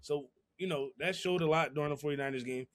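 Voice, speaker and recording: This is a young man whose voice sits a little high for a man. He chats casually about football on a podcast. He is slangy, laughs easily and says the same phrase twice. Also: fast, no echo. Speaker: podcast co-host. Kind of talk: casual sports chat.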